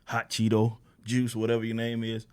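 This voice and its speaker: A young man reacting to a clip in casual commentary, mocking and repeating himself, rising higher as he gets animated. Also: moderate pace, smooth. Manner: casual mocking, repeats words, rises in pitch when animated. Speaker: YouTube commentator.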